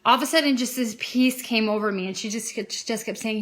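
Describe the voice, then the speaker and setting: A woman casually telling a personal faith testimony at home, growing loud and excited at the big moments. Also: fairly high pitch, a little fast, few pauses. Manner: emotional, gets loud and excited at key moments. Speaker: vlogger sharing her faith testimony.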